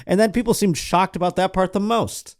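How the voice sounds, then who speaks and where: A man's voice: sits high, a little fast, no room sound, clean studio sound. A man hosting a casual comedic news show, rambling and joking while hungover. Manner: rambling, joking, self-interrupting. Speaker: host.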